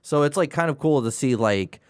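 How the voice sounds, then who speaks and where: Young male co-host, lively up-and-down pitch, dry close mic, excitable storytelling. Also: normal speed, smooth, no room sound. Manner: animated, jumps into high-pitched character quotes. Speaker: podcast co-host. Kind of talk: casual chat.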